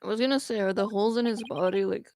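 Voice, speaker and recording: A woman's voice: mid-range voice, fast talker, darkish tone, slight background noise. A woman chatting casually as a co-player, hesitant and full of "like", often trailing off. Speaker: co-player and voice acting partner. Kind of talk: casual chat.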